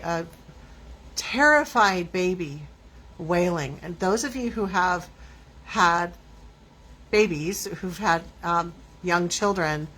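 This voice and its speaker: A woman's voice: lowish voice, fairly bright tone, a little hiss or hum. A woman hosting her own show, telling a personal story in a rambling way with many restarts. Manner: rambling, restarts often, drawn out. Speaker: host. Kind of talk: casual storytelling monologue.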